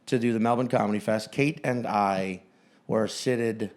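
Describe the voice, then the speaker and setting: A man's voice: lowish voice, fairly even intonation, measured pace, darkish tone. A man co-hosting a comedy podcast, telling stories in a loose, rambling way and joking with his co-host. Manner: rambling storyteller with playful repetitions. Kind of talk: casual chat.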